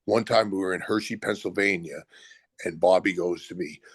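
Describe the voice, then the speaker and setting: An older man telling animated stories as a guest, acting out other people's lines in quotes. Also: sits low, moderate pace, breathy edge, no room sound. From Brooklyn, USA. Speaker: retired pro wrestler guest. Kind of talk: animated storytelling.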